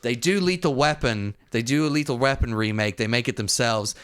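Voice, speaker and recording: Casual male podcast co-host, mid-pitched. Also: fairly quick, fairly bright tone, clear, resonant tone. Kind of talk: casual chat.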